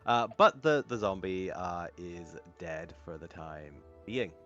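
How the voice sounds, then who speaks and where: Low-voiced guy as game master, dull lo-fi call audio, kinda halting with lots of uhs. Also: animated, music in the background. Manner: halting, lots of fillers while describing. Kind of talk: running a tabletop game.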